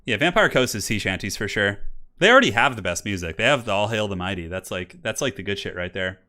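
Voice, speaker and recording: Chatty low-voiced bright male caster. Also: expressive, fast talker. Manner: chatty and rambling, laughs often. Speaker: tournament stream host and caster. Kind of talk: casual live-stream commentary. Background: faint classical music playing.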